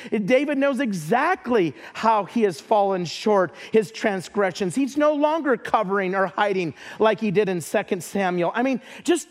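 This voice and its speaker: A man preaching a sermon as a pastor, earnest, often repeating words as he starts a phrase. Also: extremely high pitch.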